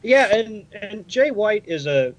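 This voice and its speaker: A man's voice: high-pitched, big pitch swings, takes it slowly. A man co-hosting a casual podcast chat, loosely recalling things with plenty of fillers. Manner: rambling recollection with fillers. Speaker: podcast co-host. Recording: dull lo-fi audio.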